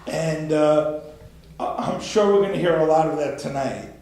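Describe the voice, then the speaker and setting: A man with a Southern US accent asks hesitant questions, stopping and restarting with fillers. His voice sits fairly high for a man. A strong echo surrounds him. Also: normal speed, dark tone. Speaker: interviewer. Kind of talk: casual interview. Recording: very echoey room.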